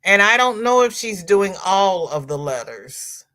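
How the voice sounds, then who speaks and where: A woman's voice: medium pitch, very animated, a little slow, bright, forceful tone. A woman hosting a crochet livestream, chatting casually as she reads viewer comments aloud and answers them.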